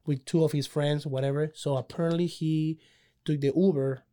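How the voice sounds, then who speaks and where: A man, excitedly telling a story in casual chat, repeating words and restarting. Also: on the high side, moderate pace. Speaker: pedicab driver telling a story.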